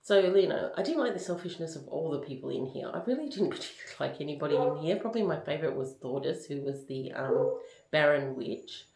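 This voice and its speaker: A woman's voice: low voice, animated, fast, gravelly, darkish tone, echoey room, rough recording. A woman giving a casual book review, candid and chatty, with plenty of ums and likes.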